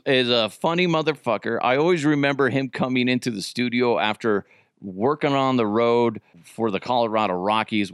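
A man in his thirties hosting a podcast, telling old radio stories in a rambling, profane, animated way with frequent restarts. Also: on the low side, clean tone, no echo, studio quality. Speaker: podcast host, former radio producer. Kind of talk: casual storytelling.

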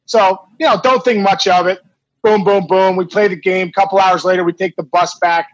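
High-voiced man telling a story. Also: fairly quick, dry recording, dull audio. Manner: animated, quotes others, many fillers and restarts. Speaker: former baseball player, guest. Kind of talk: casual storytelling.

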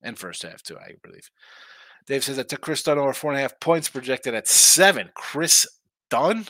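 Big swings in pitch mark this man's medium, bright, forceful voice, and he talks fairly quickly in a dry, echo-free recording. As host of a live sports betting stream, he chats loosely and trades banter with viewers while reading their comments.

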